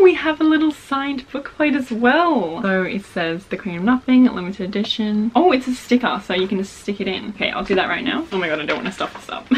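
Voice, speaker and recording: A woman's voice: mid-range voice, a little hiss or hum. A young woman filming a book unboxing, gushing and gasping as she shows each item. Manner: gushing, gasps often, repeats "oh my gosh". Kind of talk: excited unboxing chat.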